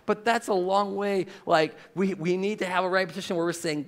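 A man preaching a sermon as pastor, reading scripture aloud with strong emphasis and an animated delivery. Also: high-pitched, fairly quick, few pauses.

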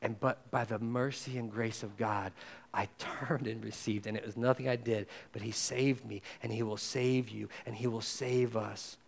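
A man preaching a sermon as pastor, talking straight to his listeners and swinging between loud and hushed. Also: mid-range voice, steady tone, normal speed, vocal fry. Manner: conversational, addresses listeners directly.

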